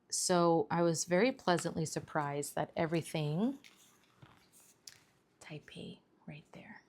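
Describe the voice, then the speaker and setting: A young adult woman vlogger telling a travel story in a casual, rambling way, full of fillers and "like". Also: lowish voice. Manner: chatty, rambling, many fillers and "like". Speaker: planner vlogger.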